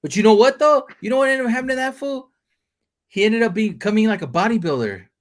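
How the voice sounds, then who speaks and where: A man's voice: high-pitched, animated, fast talker. A man hosting a casual podcast chat, joking and teasing his guest with lots of swearing. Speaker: podcast host.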